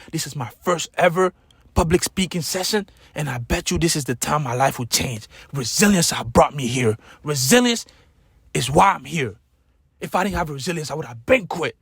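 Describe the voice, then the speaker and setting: A man giving an impassioned motivational speech, preaching with loud emphatic peaks and repeated key words. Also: a little high, breathy edge, dry recording, clean studio sound. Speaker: motivational speaker.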